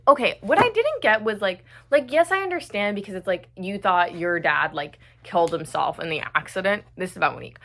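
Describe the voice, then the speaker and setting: A young woman talks through a novel in a casual vlog and reads passages aloud along the way. Her voice sits a little low but sounds bright and sharp. She rambles with plenty of fillers and swears when something annoys her. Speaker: book reviewer.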